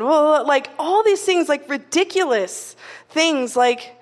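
A woman's voice: sits high, expressive, unhurried. A young adult woman giving a casual, conversational sermon, telling stories in a chatty way with many "like" fillers. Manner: chatty storytelling, frequent "like" fillers. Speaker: preacher. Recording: long reverb of a hall.

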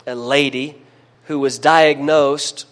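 A man preaching a sermon, emphatic, calling for amens and dropping to a hush between louder bursts. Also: medium pitch, steady tone, slow. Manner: emphatic preaching with call-and-response amens, swings between loud and hushed.

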